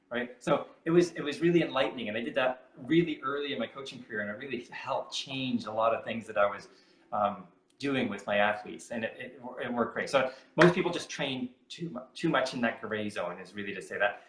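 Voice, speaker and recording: Man, middle-aged, coach, lively storyteller, average pitch, echoey room. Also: brisk. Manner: animated storyteller, laughs often, quotes others. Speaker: guest triathlon coach. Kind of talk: casual podcast interview.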